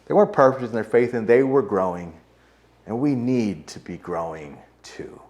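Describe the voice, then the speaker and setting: An American man preaching a sermon from the pulpit. His tone is relaxed and chatty, full of "like" and "you know" as he talks the congregation through a passage. His voice sits at an ordinary middle pitch. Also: normal speed. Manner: casual, conversational preaching with frequent "like" and light laughs. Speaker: pastor. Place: church sanctuary.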